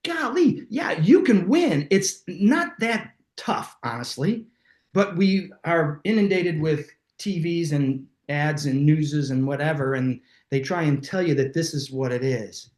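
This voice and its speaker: A man hosting a live talk, telling stories in a lively, casual way and slipping into voices for the people in them. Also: a little high, a little slow, reverberant. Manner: animated, acts out voices in his stories. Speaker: host. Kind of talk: casual storytelling to a live online audience.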